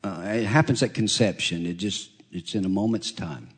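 Preaching in a chatty style, this middle-aged pastor stops and restarts often, his pitch swinging up and down, and his voice carries a breathy edge.

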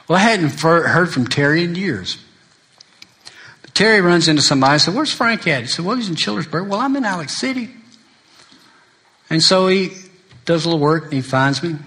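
A man's voice: medium pitch, sharp tone. A middle-aged man preaching a sermon, telling folksy stories and acting out other people's lines. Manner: folksy storytelling preacher, acts out friends' lines. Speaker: pastor.

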